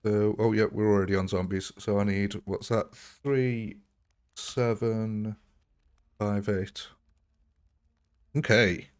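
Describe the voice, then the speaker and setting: A man with a fairly low voice talks through a game as he streams it live. His delivery is casual and rambling, with little asides and frequent chuckles. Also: level tone, takes it slowly, long pauses. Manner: chatty, laughs often, thinks aloud while playing. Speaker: gaming livestreamer.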